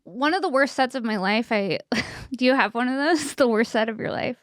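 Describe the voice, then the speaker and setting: A woman's voice: fairly high pitch, moderate pace, fairly bright tone, no echo, studio quality. Chatty laughing woman comedian. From the San Fernando Valley, California. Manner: laughing, rambling storyteller. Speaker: comedian and podcast host. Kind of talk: casual chat.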